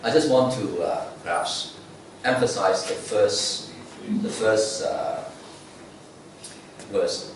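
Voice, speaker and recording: A lay preacher speaks to his congregation in the sanctuary in a conversational manner, regularly asking "okay?" and "right?" His pitch is fairly low, and he takes it slowly with long pauses. The church is echoey, the mic far away, with slight background noise.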